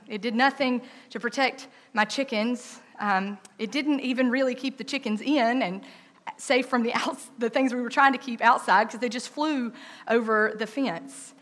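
A woman telling a personal story in a lively, conversational way, with frequent "um" and "like". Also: a little high.

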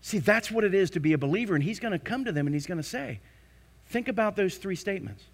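A male pastor preaching a sermon with strong conviction, swinging between hushed, slow phrases and loud, rising declarations. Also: sits high, expressive.

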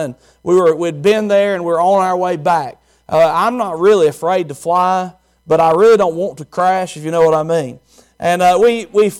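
Preacher, male, somewhat high voice; emphatic sermon delivery, repeats key words. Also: clean tone.

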